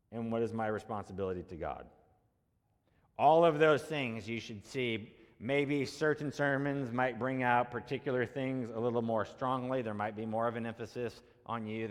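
A man's voice: mid-range voice, big-room sound. A male pastor preaching a sermon, teaching in a conversational way and using many repeated rhetorical questions.

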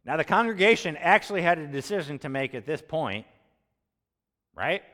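In a slightly high, fairly bright voice with lively intonation and normal speed, a man preaches expositorily. Reading scripture aloud, he keeps it conversational, raising rhetorical questions and answering them, all within a long-reverb hall.

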